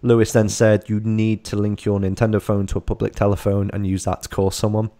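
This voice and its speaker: A man's voice: on the low side, little pitch movement, a little fast, dark tone, no echo. A man co-hosting a casual live stream, reading out chat messages and laughing often. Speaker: podcast co-host.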